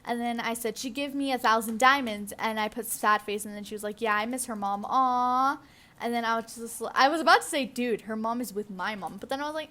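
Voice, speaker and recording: A young woman narrates her gaming story in a loose, chatty way, full of fillers and restarts. Her voice sits a little high and sounds bright. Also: animated, moderate pace. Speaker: gaming YouTuber. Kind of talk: casual commentary over gameplay.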